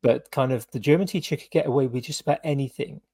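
A man's voice: medium pitch, fast talker, dark tone, husky, no echo. A British man co-hosting a podcast, telling rambling anecdotes in casual chat with lots of fillers and restarts. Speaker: podcast co-host.

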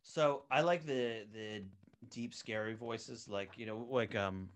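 A man's voice: mid-range voice, slow, clear, resonant tone. A male voice actor talks through an interview in a loose, rambling way, leaning on fillers and restarting his sentences. He sounds eager and keeps talking at length about his work. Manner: eager, enthusiastic. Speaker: voice actor on an animated web series, interview guest. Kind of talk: casual interview talk.

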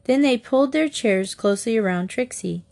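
A woman narrating a children's storybook in a measured, clear reading. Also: a little high, expressive, a little mellow. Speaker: audiobook narrator.

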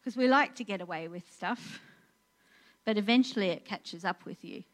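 A woman's voice: medium pitch, normal speed. A woman, preaching a sermon in an earnest, conversational way with many fillers and restarts. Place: church in Portugal.

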